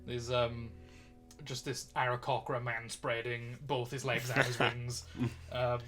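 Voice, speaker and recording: A man's voice: mid-range voice, little pitch movement, measured pace, fairly bright tone. British guy running d&d, chatty and rambly, faint music behind. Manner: chatty, rambling with many fillers. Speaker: dungeon master. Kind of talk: narrating a tabletop game.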